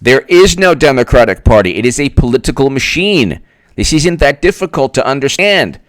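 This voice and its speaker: Animated, sarcastic male political commentator. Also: medium pitch, normal speed, no echo, clean studio sound. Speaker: political commentator, channel host.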